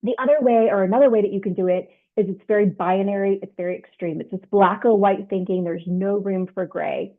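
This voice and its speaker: A woman's voice: medium pitch, fairly even intonation, a little fast, hardly any pauses. Woman coach explaining stuff, keeps saying right?, sounds all tinny like on the phone. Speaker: leadership coach. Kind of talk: instructional self-help talk.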